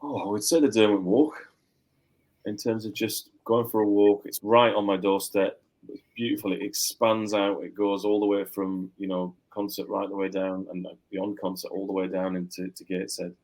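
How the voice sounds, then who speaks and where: A man from Yorkshire with a fairly low voice talks casually as a guest on a podcast. He rambles a little and laughs easily. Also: level tone, normal speed, darkish tone, poor audio. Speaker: guest author.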